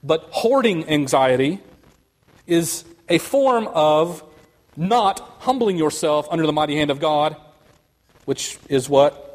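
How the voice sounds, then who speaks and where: A man preaching a sermon, speaking earnestly and building to quick, emphatic runs. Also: fairly high pitch, expressive, a little mellow. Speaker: pastor.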